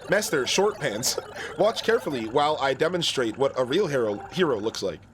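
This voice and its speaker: A man voicing a boastful male cargo robot in a video game, speaking in a slow, smug, self-important way. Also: mid-range voice, very animated, slight background noise, natural voice.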